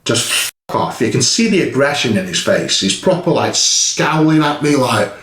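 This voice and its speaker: A man's voice: mid-range voice, sing-song, moderate pace, a bit bright. A man plainly recounting a confrontation he had, in a matter-of-fact storytelling way. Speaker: interviewee telling a story. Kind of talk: recounting an incident. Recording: echoey room in a played clip.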